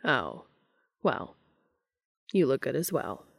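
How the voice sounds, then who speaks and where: A woman voicing a literal-minded male angel who talks in a flat, formal, deadpan way, in a fan fiction audiobook reading. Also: rumbling low, slow pace, gravelly, slightly rough, no echo, clean studio sound, voice pushed down, exaggerated voice.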